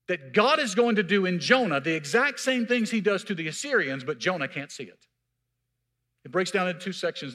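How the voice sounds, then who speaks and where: A man's voice: a little high, bright, forceful tone. A man preaching a sermon, calling out to the congregation as he teaches and tells the story. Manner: preaching with call-outs to the congregation. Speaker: pastor.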